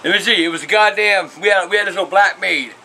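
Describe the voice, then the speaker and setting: A man's voice: sits high, fast talker, vocal fry, sharp tone, slight background noise. An older man hosting his own show, talking bluntly to camera and swearing constantly. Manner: profane and blunt, peppered with curses. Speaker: show host answering viewer questions. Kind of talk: casual talk to camera.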